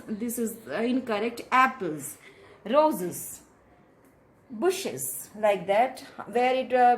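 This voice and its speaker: A woman with an Indian English accent gives a pronunciation lesson at an unhurried pace. Her voice sits a little high, and she repeats key words slowly, mixing in Hindi phrases as she explains. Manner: slow and deliberate, repeats words, switches into Hindi. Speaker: English teacher. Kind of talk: classroom lesson.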